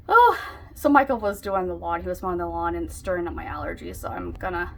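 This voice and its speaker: A woman vlogging casually at home, rambling excitedly and filling her talk with "like". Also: on the low side, moderate pace, creaky. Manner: rambling, excitable, heavy use of "like". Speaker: book vlogger. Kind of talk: casual vlog chat.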